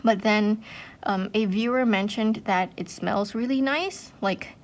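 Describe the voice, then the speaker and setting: Chatty and gushing, this art channel host fills her talk with "like" and "um" fillers. Her voice is medium in pitch and a little slow.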